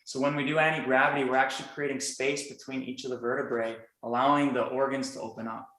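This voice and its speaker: A man co-teaching a class, explaining the exercises in a relaxed way. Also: mid-range voice, quick pace, roomy sound, low-quality recording. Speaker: co-instructor. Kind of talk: casual class chat.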